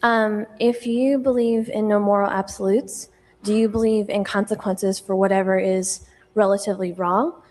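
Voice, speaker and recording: Young woman, hesitant, lots of fillers, mid-pitched, hall reverb. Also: steady tone, moderate pace, darkish tone. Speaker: audience questioner. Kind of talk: audience question at a debate.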